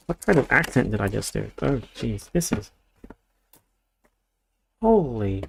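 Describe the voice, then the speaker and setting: A man's voice: medium pitch, big pitch swings, a little slow, creaky, long pauses, slightly rough. A young adult man from Australia, chatting casually on a livestream, rambling and thinking aloud with lots of restarts. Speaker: streamer. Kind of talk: casual livestream chat while building.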